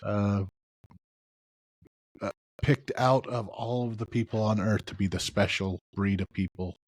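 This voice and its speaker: A man's voice: on the low side, fairly even intonation, unhurried, breathy edge, no room sound, low-quality recording. A man co-hosting a podcast, mostly listening and adding short, dry remarks. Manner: sparse, dry interjections. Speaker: podcast co-host. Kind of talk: casual chat.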